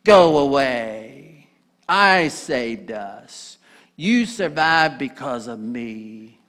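A preacher voicing a spiteful, accusing male creature who stands for the old nature, speaking slowly and with scorn. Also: medium pitch, animated, fairly bright tone. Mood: scornful. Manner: slow, accusing, sneering. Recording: echoey hall.

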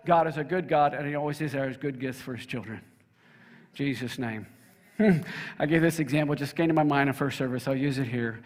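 A man's voice: medium pitch, fairly quick, long reverb tail. An older man, a pastor, preaching an emphatic sermon and leading his congregation in call-and-response. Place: church sanctuary.

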